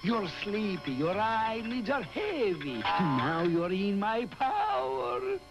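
Marvello, a pompous stage hypnotist. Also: male voice, high voice, sing-song, measured pace, dull audio, loud music behind the voice. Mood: mesmerizing. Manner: grandiose, theatrical, smooth patter. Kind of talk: 1960s TV cartoon voice acting.

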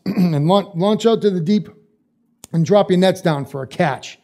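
A man's voice: high voice, moderate pace, warm tone. A male pastor preaching a sermon in a casual, conversational way, repeating phrases for emphasis.

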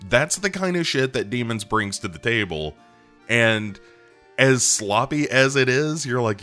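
A man's voice: mid-range voice, expressive, measured pace, pushed and bright, faint music behind. A man hosting a podcast, reviewing a film in a rambling, profane, enthusiastic way with lots of ums and uhs. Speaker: podcast host. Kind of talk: casual movie review monologue.

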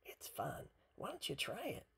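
A parent voicing an excitable, playful little duck in a bedtime storybook reading, with a high, chirpy voice. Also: normal speed, vocal fry, husky, in a whisper, exaggerated voice.

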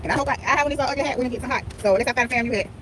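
Female vlogger, high voice, chatty and playful, phone audio outdoors with crowd noise behind her. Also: racing, a bit bright. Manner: talkative, playful, repeats herself, greets viewers by name. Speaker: vlogger streaming live. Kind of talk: chatty live-stream vlog, reading out chat comments. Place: outdoors at a busy tailgate. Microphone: phone held while walking.

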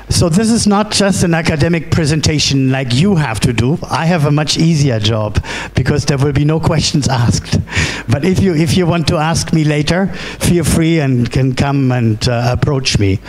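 A German-accented middle-aged man presents a conference keynote in a hall, his delivery halting and full of restarts, with a habit of tacking on "right?". For a man, his voice sits somewhat high.

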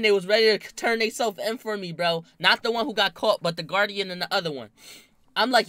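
Brash, animated young man telling a story. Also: sits high, fairly quick, no room sound. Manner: animated, slangy, swears a lot, bursts into loud laughing shouts. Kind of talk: casual storytime.

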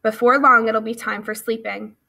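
A woman voicing a laid-back frog who talks in a drawling croak. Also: fairly high pitch, fairly even intonation, normal speed, sharp tone. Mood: lazy.

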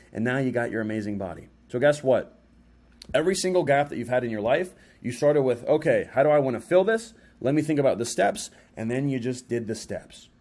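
Slangy, animated young man giving life advice. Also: mid-range voice. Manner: animated, acts out his own inner voice in quotes; slangy and conversational. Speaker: self-help speaker. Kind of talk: casual motivational talk.

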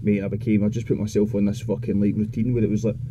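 A man's voice: fairly low pitch, little pitch movement, fast, background noise. A young Scottish man telling a long rambling story in casual chat, swearing constantly and restarting his sentences. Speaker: podcast guest.

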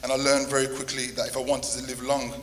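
A man reading a eulogy for the grandfather who raised him, with a steady, even delivery. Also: medium pitch, fast talker. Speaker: grandson giving a tribute. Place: church. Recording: long hall reverb, faint noise.

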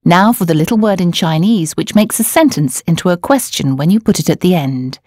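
A woman reads a beginner language lesson with clear, measured explanations. Her voice sits a little low but moves lively up and down. The studio sound is dry and close. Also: dry recording. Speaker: language course narrator. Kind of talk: scripted instructional narration.

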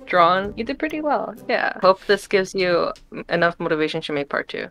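A woman's voice: fairly low pitch, very animated, normal speed, a bit bright. A woman chatting casually as a friend, teasing and giggling as she reacts. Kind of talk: casual chat.

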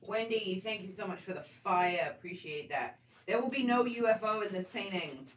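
A woman's voice: medium pitch, expressive, normal speed. A woman co-hosting a live stream, making upbeat announcements and reading viewer comments. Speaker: co-host and chat moderator. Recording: distant voice with faint room noise.

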